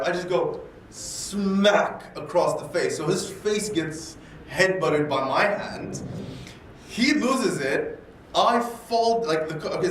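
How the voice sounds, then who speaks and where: Animated man telling a story in an echoey room. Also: on the high side, a little hiss or hum. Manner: animated, acts out dialogue in voices; restarts and repeats words when excited. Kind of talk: casual storytelling. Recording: echoey room, distant mic, faint ambience.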